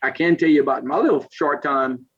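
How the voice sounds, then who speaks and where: A man from South Louisiana with a thick Cajun accent spins folksy stories in a casual chat. His voice sits a touch high, and he often breaks into laughter or mimics the people he talks about. The recording sounds dull and lo-fi. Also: brisk, heavy background noise. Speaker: podcast guest. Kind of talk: casual storytelling.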